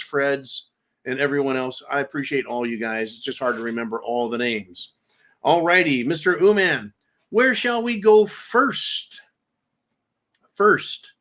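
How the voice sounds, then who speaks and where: Man, livestream host, reads out chat comments, blunt, swears a lot, rambles through lists, voice on the high side. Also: sharp tone. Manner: blunt, emphatic, swears freely; rambling, with lists and repeated words. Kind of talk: live chat commentary, reading viewer comments.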